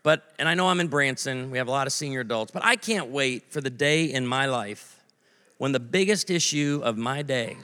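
Bright-voiced preacher man in a reverberant hall. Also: medium pitch, normal speed. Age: 40s. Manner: storytelling with comic voices and audience asides. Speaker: pastor. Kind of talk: sermon.

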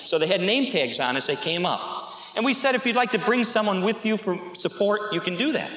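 A man preaching a sermon as a pastor, telling stories with animated energy and shouting at the peaks. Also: high voice, fairly quick. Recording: echoey hall.

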